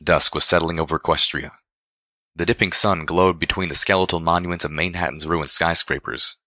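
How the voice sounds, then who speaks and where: A man narrating a fan fiction story aloud in a steady reading voice. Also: low voice, a little fast, no echo, clean studio sound.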